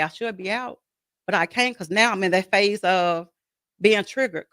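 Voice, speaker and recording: A woman's voice: on the low side, fairly bright tone, no room sound. A woman speaking as a guest in an interview about her life as a grieving mother, talking earnestly and repeating herself as she voices her own inner dialogue. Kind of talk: interview conversation.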